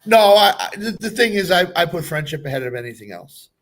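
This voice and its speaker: A man's voice: high-pitched, expressive, fairly quick, a bit bright. A man guesting on a football podcast, talking emphatically and repeating short phrases for punch. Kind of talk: casual sports talk.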